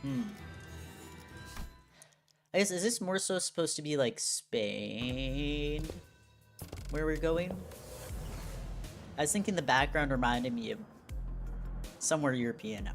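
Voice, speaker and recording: A woman's voice: very deep voice, lively intonation, unhurried, pauses often, soft background music. A woman streamer giving casual, musing commentary while playing a game. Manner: musing, chatty, reads game text aloud.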